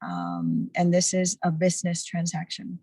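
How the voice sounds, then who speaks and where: A woman's voice: on the low side, sing-song, normal speed, warm tone, husky, dry recording, rough recording. A woman in her fifties, a guest speaker and nonprofit founder, giving earnest and encouraging interview answers over a video call. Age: 50s.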